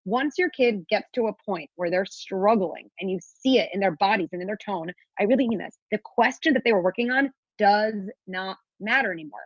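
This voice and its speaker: A woman's voice: mid-range voice, a little fast, few pauses, slightly rough, no room sound. A woman on a podcast explaining parenting ideas in an earnest, coaching way, sometimes acting out a child's inner voice in a sing-song. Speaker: parenting guest expert. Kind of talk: podcast interview talk. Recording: dull, dry podcast audio.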